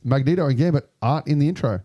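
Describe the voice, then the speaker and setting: A man with a deeply mellow, dark voice chats easily on a podcast and shares details and theories. His delivery is relaxed, and the recording is dry and close. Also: very fast, no room sound, lo-fi sound. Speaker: podcast co-host. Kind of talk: casual chat.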